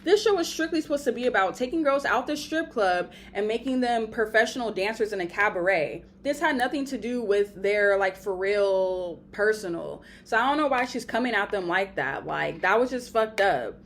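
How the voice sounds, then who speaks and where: A young woman giving a blunt, profane, animated recap of a reality show reunion. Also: mid-range voice, normal speed, few pauses, a little hiss or hum. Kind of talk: casual recap commentary.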